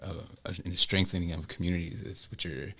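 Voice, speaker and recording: Co-host, male, very deep voice; earnest, halting delivery. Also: fairly even intonation, a bit bright. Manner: earnest and halting, repeating words. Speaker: podcast co-host. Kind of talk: casual podcast chat.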